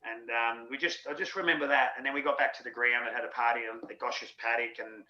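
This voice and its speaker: This middle-aged Australian man rambles through his memories with an earthy, candid manner and the odd swear word. His voice has a bright, forceful edge. The recording is dull and lo-fi, with a noticeable room echo. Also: medium pitch, steady tone, a little fast. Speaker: interview guest, former rugby league player. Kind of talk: candid storytelling. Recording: dull lo-fi sound in an echoey room.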